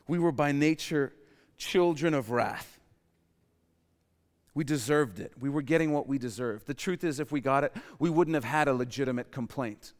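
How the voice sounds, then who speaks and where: A man's voice: mid-range voice, expressive, unhurried, long pauses. Dynamic male preacher in a reverberant hall. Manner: dynamic, swings from loud emphatic to hushed; calls for audience response. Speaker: pastor. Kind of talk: sermon.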